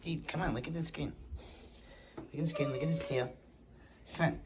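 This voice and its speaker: A man voicing his male pet dog, wheedling to be let past and then squealing in panic, with loud barking behind. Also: fairly high pitch, fairly even intonation, normal speed, background noise, natural voice. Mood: pleading.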